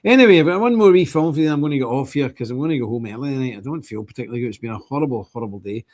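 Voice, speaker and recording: A man's voice: mid-range voice, animated, very fast, a little mellow. An older man hosting a livestream, talking casually and ranting indignantly in bursts. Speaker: streamer host.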